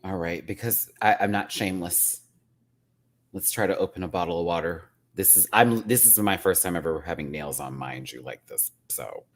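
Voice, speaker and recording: A man giving a casual, sassy rant review of a TV show, full of drag slang and expressive asides. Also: low-pitched, normal speed.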